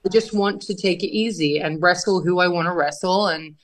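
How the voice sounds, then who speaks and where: A woman's voice: fairly low pitch, a little fast, poor audio. A woman professional wrestler as an interview guest, telling her story casually and animatedly, swearing often and acting out quotes. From England.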